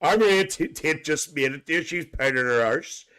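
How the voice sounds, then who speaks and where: A man's voice: a little high, lively intonation, moderate pace, bright, forceful tone, clean tone. A man with a Northern Irish accent hosting a live stream, chatting casually, teasing viewers and chuckling often as he tells a rambling, made-up story. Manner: chuckles often between lines. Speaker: livestream host reading viewer comments. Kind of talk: casual live chat, imagined coach trip.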